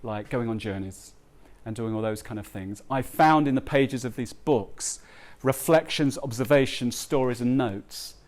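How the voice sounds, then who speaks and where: A man addressing a live audience at a book launch. He speaks at a middling pitch, earnestly and haltingly, with frequent ums and restarted phrases. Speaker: author giving a talk. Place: live event before an audience.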